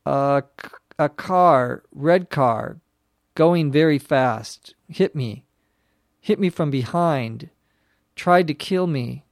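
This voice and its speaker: An injured young woman gasps out short, broken phrases, slowly and weakly, as a male reader voices her. She is out of breath and halting in an audiobook story, spoken in a dry, close voice. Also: sits low, no room sound. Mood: weak, strained.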